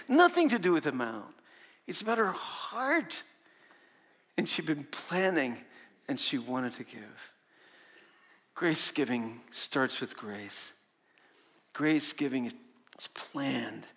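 Animated, higher-voiced male pastor preaching. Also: moderate pace. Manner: animated storytelling, dropping to hushed tones on key points. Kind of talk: sermon.

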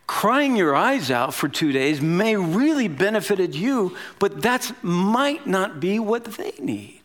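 Male pastor in his fifties; animated, chatty storytelling sermon voice. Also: high voice, slow, few pauses. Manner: conversational, animated storytelling with casual asides.

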